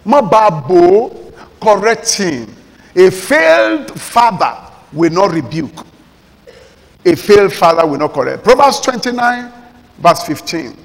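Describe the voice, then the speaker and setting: Nigerian pastor guy preaching hard, high voice, loud then pleading, big hall echo. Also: very animated, a little slow, long pauses. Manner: emphatic preaching, swings between loud exhortation and low pleading. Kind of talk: sermon. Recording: long reverb of a large hall.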